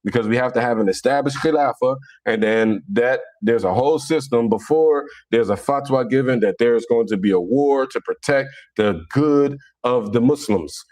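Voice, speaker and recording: A man's voice: medium pitch, moderate pace, hardly any pauses, a little mellow. A man giving a blunt, boastful casual monologue full of street slang. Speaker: speaker on religion.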